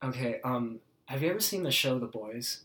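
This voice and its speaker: A man's voice: medium pitch, expressive, normal speed, a bit bright, slight background noise. A man hosting a podcast, chatting casually in a blunt, rambling way with heavy swearing. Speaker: podcast host. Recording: roomy, echoey room.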